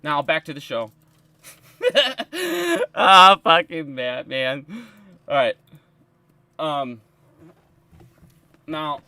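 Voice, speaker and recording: Male live streamer, fired-up and swearing constantly, with a forceful voice in a dry room. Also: a little high, no echo. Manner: heated, profane and emphatic. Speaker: stock market live streamer.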